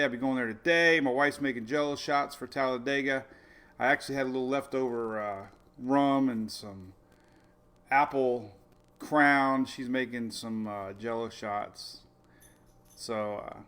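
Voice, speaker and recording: Excitable rambling man hosting a livestream. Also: medium pitch. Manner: excitable, rambling, laughs often. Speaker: weather livestream host. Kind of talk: casual livestream chat. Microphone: phone or webcam on a live video stream.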